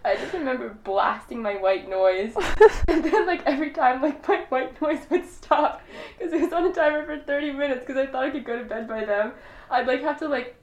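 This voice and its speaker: A young woman hosting a podcast, chatting casually and telling lively stories with frequent laughter. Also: sits high, fairly quick, slight background noise. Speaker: podcast host. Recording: roomy echo.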